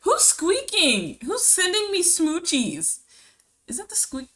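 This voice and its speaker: Woman streamer, bright voice, loose chatty delivery, reads chat out, giggly. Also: very high-pitched, wildly swooping pitch, takes it slowly. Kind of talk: casual live-stream chat.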